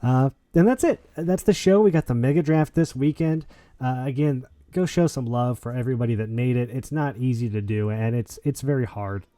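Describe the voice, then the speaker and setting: A man hosting a gaming league podcast, chatting in an excitable, jokey way with lots of restarts. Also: mid-range voice, normal speed, no echo, studio quality. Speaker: podcast host. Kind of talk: casual podcast chat and wrap-up.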